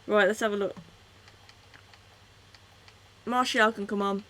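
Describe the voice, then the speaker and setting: Excitable woman streaming a football game. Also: medium pitch, fast. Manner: excitable, shouts at the game, then chats casually. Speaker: gaming streamer. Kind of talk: live game commentary and chat reading.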